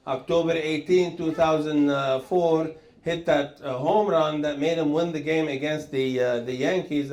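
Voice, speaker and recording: A man in his sixties, hosting and telling rambling stand-up comedy stories, jumping to a higher voice for quoted lines. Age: 60s. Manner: rambling, animated, jumps up high for acted quotes. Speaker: comedian host. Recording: roomy echo.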